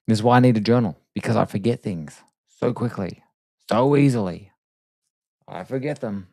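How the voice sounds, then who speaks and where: A man hosting a live trading stream late at night, talking quietly and casually with self-deprecating asides. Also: mid-range voice, animated, fairly quick, vocal fry, no room sound. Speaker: trading livestream host. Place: home desk at night. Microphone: desk microphone.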